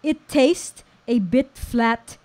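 A woman quoting her playful, kindly old grandfather in her own slightly high voice. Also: lively intonation, slow pace, slight background noise. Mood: fond.

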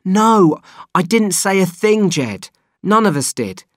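A man's voice: high voice, very animated, takes it slowly, fairly bright tone, no echo, clean studio sound, pitched above the performer's own voice, exaggerated voice. A man reading an audiobook, voicing a young male backpacker who pleads and defends himself in a raised, strained voice. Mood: anxious, defensive.

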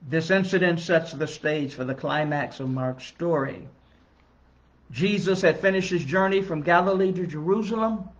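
A man, a minister, giving an earnest Bible study lesson in a church, measured and building emphasis on key phrases. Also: on the high side. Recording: dull lo-fi recording.

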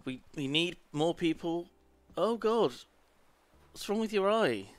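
A man's voice: high voice, lively intonation, takes it slowly, no echo. A man streaming a game live, chatting casually, swearing freely and muttering apologies to himself.

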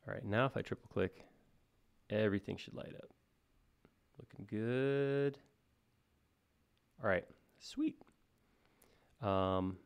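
A man teaching software on a live stream, thinking aloud in a casual, self-deprecating way as he works. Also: fairly low pitch, creaky, smooth. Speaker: software instructor. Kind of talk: live-stream modeling tutorial.

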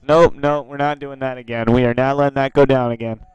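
A man's voice: medium pitch, fairly even intonation, fairly quick, darkish tone, smooth, dry recording, lo-fi sound, faint music behind. A man who makes online videos, giving casual commentary on video chats and reacting to viewers with exclamations and asides. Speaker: YouTuber.

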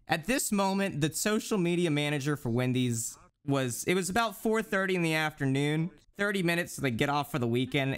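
A young man streaming live, chatting casually in profane, joking rants and now and then mimicking others in high squeaky voices. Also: fairly bright tone.

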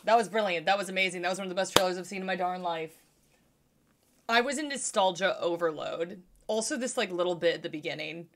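A woman in her thirties hosting a trailer reaction video, gushing and excited, with lots of fillers. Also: mid-range voice. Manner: gushing, fangirling, lots of likes and ums.

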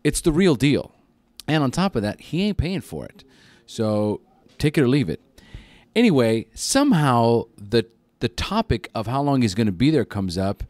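A man's voice: mid-range voice, moderate pace, no echo. A man telling a story on a podcast as a guest. He speaks casually, swears freely and acts out what other people said. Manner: profane, animated retelling with acted-out quotes.

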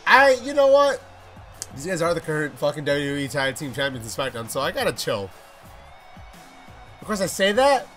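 Loud cursing young man, game commentary. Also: fairly high pitch, very animated, normal speed, pauses often, soft background music. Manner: swears constantly, swings from mumbling asides to shouting at the game. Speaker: gaming YouTuber. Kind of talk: let's play commentary.

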